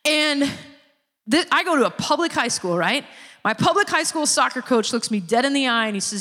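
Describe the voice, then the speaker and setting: A woman giving a sermon-style personal testimony, a lively storyteller who acts out the people she quotes. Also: high voice, moderate pace. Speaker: speaker giving a church testimony. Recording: long reverb of a large hall.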